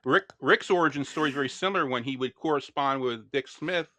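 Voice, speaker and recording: A man's voice: medium pitch, quick pace, crowd noise. A man co-hosting an interview, chiming in with a related anecdote in casual chat. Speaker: co-host.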